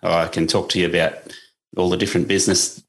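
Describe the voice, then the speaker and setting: A laid-back Australian man with a low, deep voice and a broad Australian accent, talking from home as a podcast guest. He has a slight tickle in his throat. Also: fast talker. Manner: relaxed, easygoing, laid-back. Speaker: guest, lawn care business owner. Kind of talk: casual interview chat.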